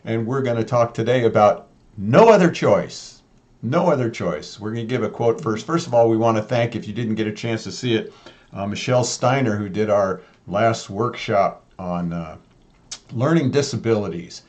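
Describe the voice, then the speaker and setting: A man's voice: lowish voice, moderate pace, a little mellow. A man co-hosting a casual talk show, upbeat and jokey, with many fillers. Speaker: co-host. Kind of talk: casual chat.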